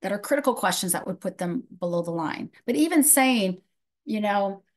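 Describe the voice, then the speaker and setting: A woman's voice: medium pitch, lively intonation, moderate pace. A middle-aged woman presenting a live webinar, answering audience questions from the chat in a conversational way.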